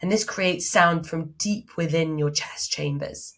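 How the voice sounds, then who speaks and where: A woman voice coach giving an instructional talk on vocal technique, demonstrating changes in pace, pitch and volume as she explains them. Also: unhurried.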